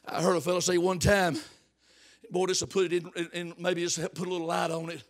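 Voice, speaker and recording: A man preaching a fiery revival sermon, swinging from hushed tones to shouts and repeating words for emphasis. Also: high voice, flat delivery, quick pace.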